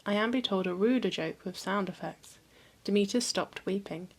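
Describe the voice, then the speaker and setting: A woman hosting a history channel, reading a mythology book aloud in a calm, even storytelling manner. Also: mid-range voice, moderate pace.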